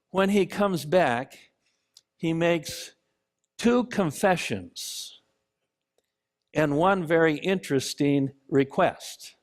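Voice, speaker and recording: Male preacher, sermon, slightly high pitch, unhurried emphatic delivery. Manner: slow, deliberate preaching with emphatic pauses. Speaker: pastor. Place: church sanctuary.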